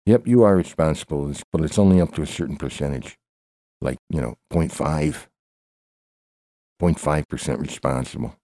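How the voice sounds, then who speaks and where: A man with a low, very dark and mellow voice improvises a comic back-and-forth. He rambles deadpan through restarts and strings of "you know," recorded close and dry with no room sound. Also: normal speed, no echo. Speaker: comic storyteller.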